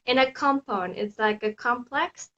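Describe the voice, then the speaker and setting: A woman's voice: on the high side, unhurried, bright, forceful tone. A woman hosting a live stream, chatting casually and reading viewer comments aloud. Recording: slightly dull audio.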